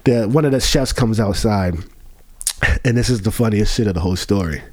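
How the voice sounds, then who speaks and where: A man's voice: on the low side, a little fast, darkish tone. A man who works as a bartender tells a profane story in casual chat, laughing along as he goes.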